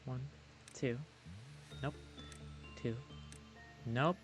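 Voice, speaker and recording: A man streaming a management game, chatting casually and muttering to himself as he works through choices. His voice sits at an ordinary pitch, with faint music playing behind him. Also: drawn-out words.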